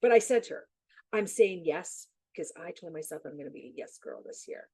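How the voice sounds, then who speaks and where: Chatty middle-aged woman, mellow voice. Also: fairly low pitch, a little fast, slightly rough, dry recording, low-quality recording. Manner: chatty, laughs often, animated storytelling. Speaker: podcast guest. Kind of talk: casual chat.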